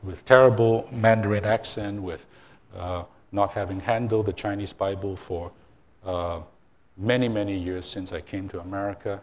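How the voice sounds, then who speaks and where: A man's voice: on the low side, darkish tone, a little hiss or hum. An older man, a church minister, giving an informal sermon full of self-deprecating stories, with frequent fillers and restarts.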